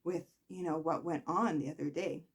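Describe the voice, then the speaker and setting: A woman's voice: deep voice, steady tone, normal speed, slightly rough, voice pushed down. A woman voicing a proud soap-opera daughter who acts breezy and unbothered while seething. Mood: coy. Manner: breezy, airy, falsely nonchalant. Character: proud, scheming soap daughter feigning calm.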